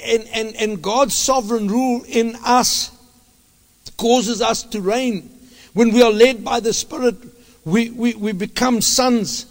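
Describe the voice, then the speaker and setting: A man preaching a sermon as a pastor, impassioned and halting, often restarting his phrases. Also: high voice, big-room sound.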